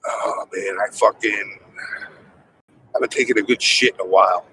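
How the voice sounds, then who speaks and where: A man streamer telling a crude story in casual chat, animated, with put-on voices for the people in it. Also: lowish voice, moderate pace, slight background noise, rough recording.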